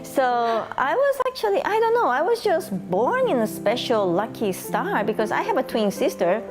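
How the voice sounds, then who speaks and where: A woman's voice: high voice, big pitch swings, normal speed, music in the background. A woman from Brazil, a guest in an interview, telling her life story in a chatty way with frequent light laughter.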